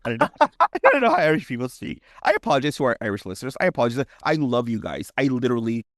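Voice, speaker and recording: Here a male horror-podcast co-host swings between laid-back banter, full of "like" and laughs, and theatrical ghost-story telling. His mid-range voice swoops wildly in pitch, moves very fast, and sounds a bit bright, recorded studio-clean with no room sound.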